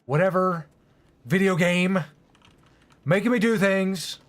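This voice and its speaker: A man giving rambling, sarcastic let's-play commentary, breaking into yells at the game. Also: high voice, slow pace. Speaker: gaming YouTuber.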